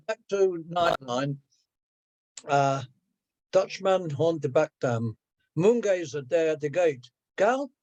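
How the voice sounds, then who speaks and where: A man's voice: a little high, a little mellow, dry recording, low-quality recording. A man, a guest on a video call, joking and teasing before he reads a Creole poem. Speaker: guest poet. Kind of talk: poetry reading on a video call. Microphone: computer mic on video call.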